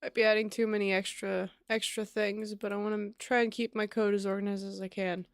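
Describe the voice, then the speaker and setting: A woman streamer codes while chatting casually with viewers, half muttering to herself as she works before bursting into laughter. Her medium-pitched voice is flat and brisk, recorded cleanly in a studio with no room sound.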